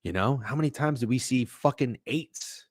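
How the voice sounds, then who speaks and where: A young man hosting a live sports betting stream, chatting with viewers in a profane, animated way. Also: mid-range voice, moderate pace, no room sound, clean studio sound. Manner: animated, swearing, talks to chat. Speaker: sports betting show host.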